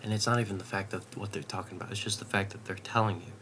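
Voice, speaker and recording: A young man vlogging in a late-night ramble at home, swearing casually and drifting into soft half-whispers. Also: lowish voice, fairly even intonation, very fast, a little hiss or hum.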